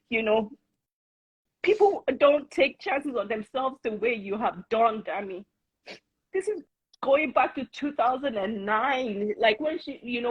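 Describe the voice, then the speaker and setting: A woman's voice: high voice, breathy edge, dry recording. A woman in her forties from Nigeria, a guest chatting casually and praising her host with emotion. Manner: effusive, emotional praise with laughter. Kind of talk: casual conversation. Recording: dull, muffled sound.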